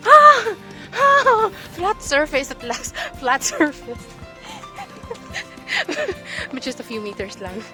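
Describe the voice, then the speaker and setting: A woman's voice: high voice, animated, moderate pace, few pauses, music in the background. A Filipino woman vlogging out of breath on a mountain trail, chatting casually in a mix of English and Tagalog. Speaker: vlogger on a hike. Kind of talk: casual vlog narration.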